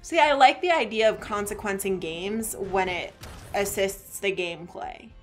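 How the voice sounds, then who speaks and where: A woman's voice: medium pitch, moderate pace, soft background music. A woman chatting casually while playing a video game, rambling through her thoughts, laughing often and swearing. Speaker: let's play co-host. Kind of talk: casual gaming chat.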